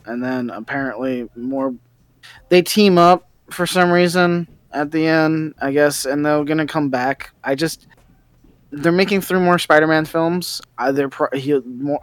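A man's voice: on the high side, no echo. A man co-hosting a casual podcast chat, hesitant and often stumbling over names and correcting himself. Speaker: podcast co-host.

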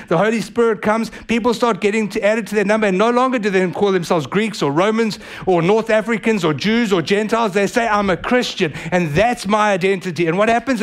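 A man with a high, bright-edged voice preaches a sermon in a church. He tells his story in an easy, conversational way, then climbs into urgent, fervent exhortation. His words push forward with conviction. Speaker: pastor. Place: church sanctuary.

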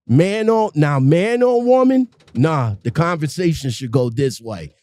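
A man's voice: a little high, expressive, measured pace, warm tone, no echo. A man hosting a casual interview, talking emphatically and repeating points with plenty of "you know"s.

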